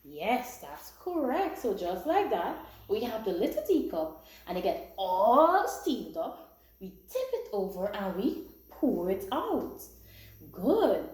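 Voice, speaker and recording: Animated woman teacher, echoey classroom. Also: medium pitch. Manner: animated, encouraging sing-song praise. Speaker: primary school teacher. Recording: echoey room.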